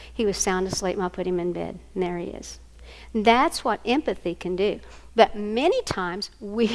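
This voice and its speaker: An older woman with a Southern American accent leads a workshop. She tells her stories with animation and acts out the voices in them. Her voice sits fairly high. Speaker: workshop speaker. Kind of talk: storytelling lecture.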